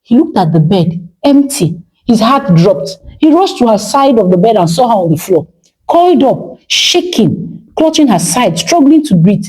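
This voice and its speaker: A woman's voice: a little high, big pitch swings, moderate pace, warm tone, low-quality recording. A woman narrating a dramatic story with emotive delivery.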